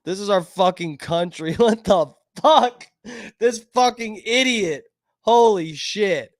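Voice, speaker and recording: A man with a high voice delivers a heated, profanity-laced rant at an unhurried pace. He circles back over the same points and swears constantly. The sound is dry and close, with no room echo. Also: expressive. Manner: angry, profane, repetitive. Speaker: online commentator.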